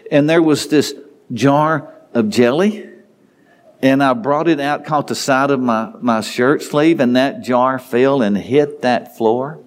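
A middle-aged man preaching a folksy devotional sermon, telling a homely story in a rambling way with many restarts. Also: mid-range voice.

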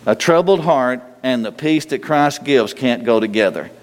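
Guy preaching a sermon, chatty and direct, mid-pitched voice, big hall echo. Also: expressive. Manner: conversational preaching, voices God's replies in a slow gentle tone. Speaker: pastor. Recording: long reverb of a large hall.

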